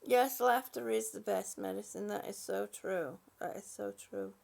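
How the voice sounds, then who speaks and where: A woman's voice: mid-range voice, steady tone, a little slow, creaky. An older woman hosting a live stream, chatting as she reads viewers' comments, with many ums and restarts. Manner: chatty, warm-hearted, with frequent "um" and restarts. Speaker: channel host.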